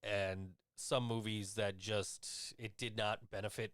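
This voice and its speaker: A man's voice: on the low side, level tone, slow pace, a bit bright, clean tone, dry recording, clean studio sound. A man hosting a casual radio show, easygoing and hesitant, with many fillers. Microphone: studio mic.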